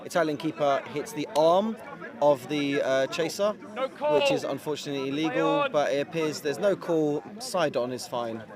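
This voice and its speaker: A man giving measured, analytical color commentary at a live match, with dry jokes. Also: fairly high pitch. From England. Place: outdoor tournament sideline. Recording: outdoor crowd noise behind.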